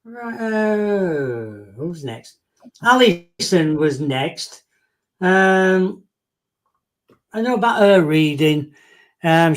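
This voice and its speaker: A man hosting a radio show, chatting in a relaxed, easygoing way. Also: on the high side. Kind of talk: casual radio chat.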